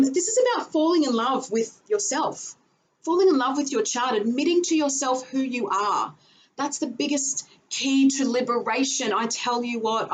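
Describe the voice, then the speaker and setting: A woman's voice: a little high, rough recording. Middle-aged woman, astrology teacher, emphatic, repeats phrases, faint background hiss. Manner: emphatic, repeats herself, swears casually. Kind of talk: casual teaching talk to camera.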